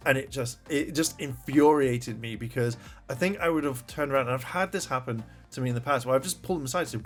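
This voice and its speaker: A man's voice: medium pitch, fast, soft background music. Rambling man reviewing a show. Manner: rambling retelling, swears when annoyed. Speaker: TV episode reviewer. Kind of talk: casual review chat.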